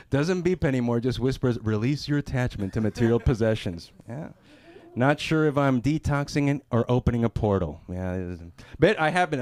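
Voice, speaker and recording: A man works a small club crowd with a stand-up set, his pitch bouncing widely as he jumps into squeaky character voices. He is punchy and self-deprecating, landing short tags between stories. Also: a little mellow. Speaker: stand-up comedian. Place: small comedy club stage.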